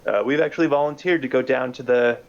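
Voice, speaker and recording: A man's voice: medium pitch, fast, creaky, highs cut off, a little hiss or hum. Matter-of-fact male tabletop player. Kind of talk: casual tabletop play.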